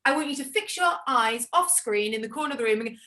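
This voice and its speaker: A woman leading an online choir warm-up over a video call, encouraging the singers and demonstrating each sigh and call herself. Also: on the high side, expressive, fast. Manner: encouraging, demonstrates vocal calls and sighs. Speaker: choir leader.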